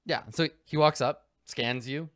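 A man's voice: fairly high pitch, a little slow, fairly bright tone, no echo, studio quality. A man narrating as game master in a loose, rambling way with many fillers.

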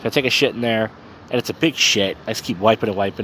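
A man's voice: lowish voice, quick pace, fairly bright tone, slight background noise. A man hosting his own podcast, a little tipsy, telling crude, meandering stories packed with fillers in a casual monologue. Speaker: podcast host and open mic host.

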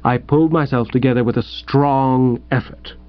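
A man reading a first-person comic story aloud in a wry, lively storytelling manner. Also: mid-range voice, moderate pace, lo-fi sound. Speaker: audiobook narrator.

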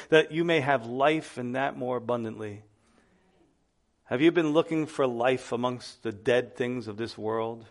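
A man preaching as a pastor, emphatic, swinging between loud urgent lines and hushed ones. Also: medium pitch, unhurried. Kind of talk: sermon.

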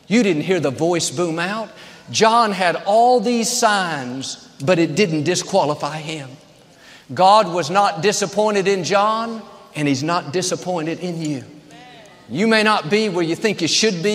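A man's voice: high-pitched, a little slow, long reverb tail. A man preaching a sermon as a pastor, earnest and building to emphatic peaks.

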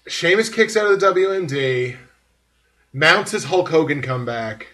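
A man's voice: a little high, expressive, unhurried, a bit bright. A man hosting a podcast, giving a rambling, filler-heavy breakdown in casual chat. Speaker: podcast host.

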